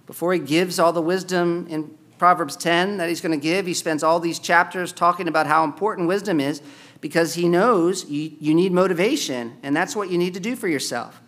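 A man preaching a sermon, swinging between loud, pressing exhortation and quiet, low-key storytelling. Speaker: pastor.

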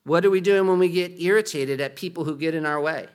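A man's voice: fairly high pitch, fast talker, smooth. A man preaching a sermon in an earnest, conversational way, asking the listeners rhetorical questions. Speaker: pastor.

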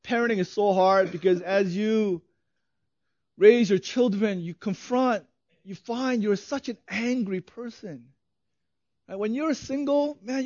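A man's voice: very high-pitched, dry recording, lo-fi sound. A man in his thirties preaching a sermon as a pastor, conversational, often asking "right?" and laughing lightly.

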